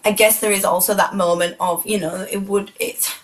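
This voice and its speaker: A woman's voice: medium pitch, steady tone, normal speed, low-quality recording. A woman, emotional and close to tears, talking earnestly and reflectively as a guest in a heartfelt conversation.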